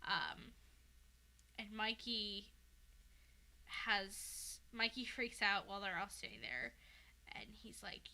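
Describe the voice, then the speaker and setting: A woman's voice: fairly high pitch, steady tone, moderate pace, sharp tone. A woman hosting a podcast, casually retelling a story in a rambling way, with lots of fillers and swearing. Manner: rambling, full of "like" and "um", swears freely. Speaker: podcast host. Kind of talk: casual recap of a fan fiction.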